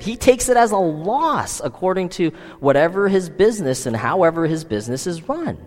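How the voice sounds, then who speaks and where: A man's voice: high-pitched, a little mellow, in a large hall. A man preaching a sermon, asking the listeners many rhetorical questions. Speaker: pastor.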